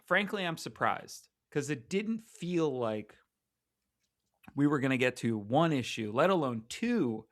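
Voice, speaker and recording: A man in casual chat who rambles and stops himself often. His pitch sits in the ordinary middle range. The sound is dry and close to the mic. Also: very animated, dry recording. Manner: rambling, halting, heavy use of "like". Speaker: podcast co-host. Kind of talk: casual chat about comics.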